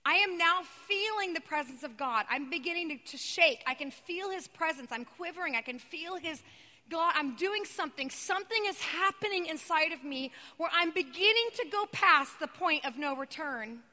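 A woman preaching a sermon in a very high, bright voice. She tells her story with drama, rising to loud cries and falling to hushed, almost whispered passages. Her voice rings out with the long reverb of a large hall. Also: lively intonation, normal speed.

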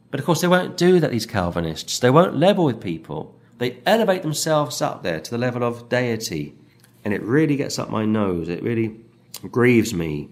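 A man preaching an expository sermon in an earnest, animated way, acting out the voices he quotes. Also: fairly low pitch, moderate pace.

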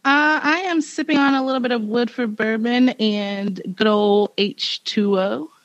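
A podcast co-host chatting in a relaxed, joking way. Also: mid-range voice, unhurried, no echo, highs cut off. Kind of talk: casual chat.

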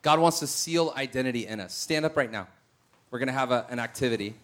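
A man's voice: mid-range voice, fast talker. A male preacher telling stories in a sermon, acting out the voices of the people in them. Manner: animated, acts out voices in his stories. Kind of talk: sermon with storytelling.

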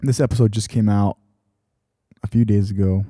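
A man talks alone into his podcast mic in a loose, rambling way, circling back and correcting himself as he goes. His voice is very dark and mellow and sits low. The sound is dry and close. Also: steady tone, normal speed, breathy edge, no echo. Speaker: podcast host. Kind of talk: casual solo podcast talk.

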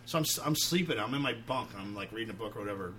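Male guest from New York, casual storyteller, profane and animated, with faint noise behind him. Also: fairly low pitch, racing. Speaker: guest, metal band singer.

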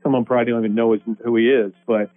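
A man's voice: mid-range voice, level tone, very fast. A man broadcaster chatting as a guest on sports radio, friendly and talkative. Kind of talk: casual sports radio interview. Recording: phone line.

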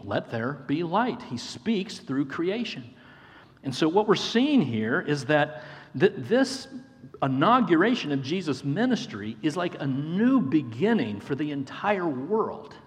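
Earnest male pastor in a reverberant hall. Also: mid-range voice. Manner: earnest, repeats phrases for emphasis, addresses listeners as friends. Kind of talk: sermon.

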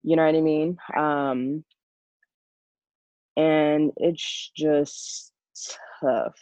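A woman, a working parent, talking in a casual chat in a reflective, worried way, with many halting restarts. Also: low-pitched, steady tone, mellow, dry recording, highs cut off. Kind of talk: casual podcast conversation.

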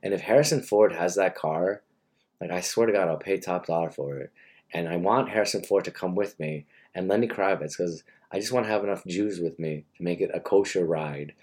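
A man's voice: sits low, brisk, a little mellow, slightly rough. A man talking in a crude, rambling monologue full of restarts.

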